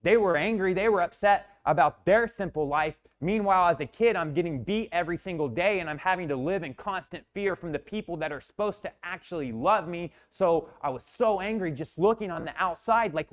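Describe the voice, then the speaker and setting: A man's voice: high-pitched, a little fast, few pauses. A man in a motivational talk telling a personal story intensely, often repeating words and restarting, with some swearing. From Florida, USA. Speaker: motivational speaker.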